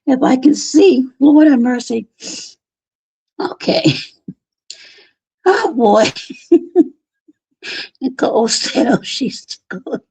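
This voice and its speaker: A woman's voice: high-pitched, animated, takes it slowly, pauses often, darkish tone, breathy edge, no echo, rough recording. A woman hosting a casual livestream, laughing often as she reads viewer comments aloud. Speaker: livestream host.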